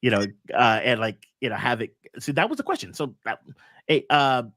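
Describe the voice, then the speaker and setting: A man's voice: medium pitch, animated, normal speed, fairly bright tone. A man hosting a casual coaching chat, upbeat and rambling with fillers. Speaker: host.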